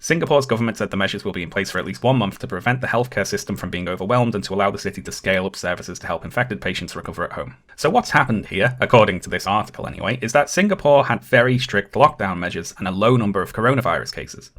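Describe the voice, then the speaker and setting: Male essayist, quick and low-pitched, reads a script with measured skepticism. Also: fairly bright tone. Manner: measured, dryly critical. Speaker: video essayist. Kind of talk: scripted video essay narration.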